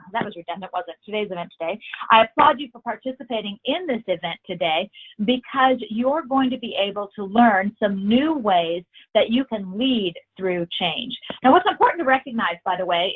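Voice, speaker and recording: A woman's voice: mid-range voice, rough recording. A woman presenting a corporate training webinar, emphatic and encouraging, repeating her key phrases.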